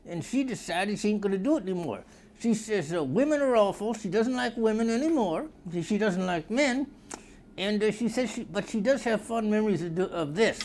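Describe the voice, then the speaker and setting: A man's voice: high voice, darkish tone. A man hosting a comedy vlog, delivering a crude, rambling monologue that keeps slipping into put-on voices and a drawl.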